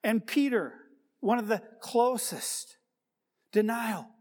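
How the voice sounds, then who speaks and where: A man's voice: very high-pitched, takes it slowly, a little mellow. A male pastor delivering a sermon, reflective and full of rhetorical questions and repeated key words. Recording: long reverb of a large hall.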